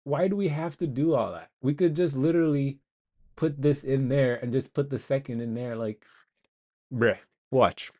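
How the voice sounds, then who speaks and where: This young game developer has a medium-pitched, darkish voice at normal speed. While coding live on stream he chats casually, rambling, making self-deprecating jokes and muttering to himself.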